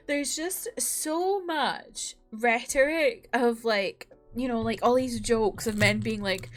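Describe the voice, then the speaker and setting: A woman's voice: on the high side, slow pace, faint music behind. A young woman hosting a reaction video, chatting casually and from the heart with lots of "like" fillers.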